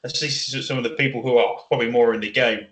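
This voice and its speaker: A man co-hosting a podcast in crude casual banter, excitable, swearing and eager to tell stories. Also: medium pitch, quick pace, roomy sound. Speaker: podcast co-host.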